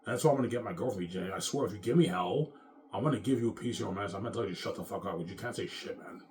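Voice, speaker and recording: Fast-talking man in a profane rant. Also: lowish voice, darkish tone, a little hiss or hum. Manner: rambling, profane, bitter ranting. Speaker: vlogger. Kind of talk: casual rant to camera.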